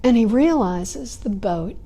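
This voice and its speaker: Animated woman teaching with lively pitch. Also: slow pace, breathy edge. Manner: animated storytelling, frequent "right?" asides. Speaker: spiritual teacher. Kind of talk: talk or sermon.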